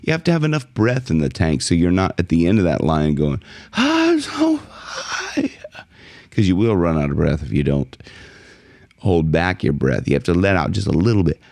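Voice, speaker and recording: A man teaching a singing lesson as a vocal coach, explaining technique in a relaxed way between short sung demonstrations. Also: a little fast, no room sound, studio quality. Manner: speaks in a low fry, then jumps high to sing song lines in demonstrations.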